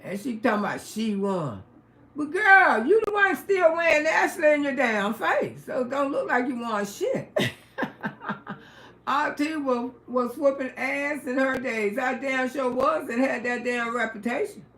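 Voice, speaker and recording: Brash, high-voiced middle-aged woman storyteller. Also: animated, measured pace. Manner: brash, profane, bursts into loud exclamations. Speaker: livestream host. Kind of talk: casual livestream storytelling. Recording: roomy echoey room.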